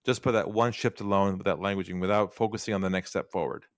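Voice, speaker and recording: This fast-talking podcast guest, a sales trainer, has a low-sitting voice and spins animated stories, voicing the dialogue himself as the interview goes. The studio-quality recording carries no echo.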